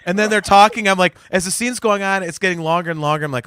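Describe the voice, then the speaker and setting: A man hosting a casual podcast chat, telling stories in an animated, loud and profane way. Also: high-pitched, fast, clear, resonant tone, no room sound, studio quality. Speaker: podcast host.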